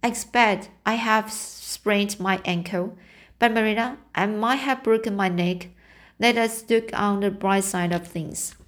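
A woman's voice: medium pitch, steady tone, unhurried, a bit bright, close to an everyday voice. A woman reading an audiobook voices a young girl who talks in an earnest, dramatic way. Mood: brave. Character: imaginative talkative young girl.

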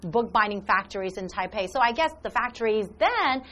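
A woman's voice: medium pitch, animated, a little fast, bright, forceful tone. A woman hosting a live English lesson, upbeat and encouraging as she explains words with examples.

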